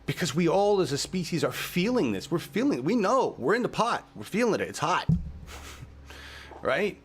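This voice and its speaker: A man hosting his own channel, delivering an impassioned, profane rant outdoors in his yard, swinging between grief and shouting. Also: high-pitched, very animated, fairly quick, husky. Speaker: channel host.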